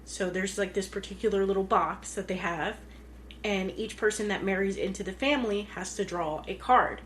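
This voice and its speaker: A woman's voice: mid-range voice, normal speed, a little hiss or hum. A woman co-hosting a podcast in casual chat, retelling movie scenes with lots of "like"s. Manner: chatty, retells scenes with many "like"s. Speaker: podcast co-host.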